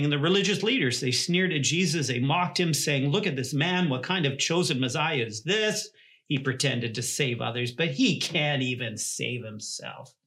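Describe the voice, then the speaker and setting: A man's voice: on the high side, a bit bright. A male pastor preaching a sermon in an earnest way, often repeating words and restarting his sentences.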